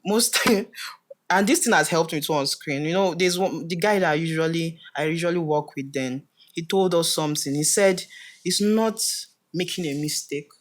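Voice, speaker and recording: A man's voice: a little high, moderate pace. A Nigerian man chats as a guest on a podcast. He tells his stories with animation and acts out other people's lines as he goes. He laughs often while he talks. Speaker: guest actor. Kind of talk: casual podcast interview. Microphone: podcast studio mic.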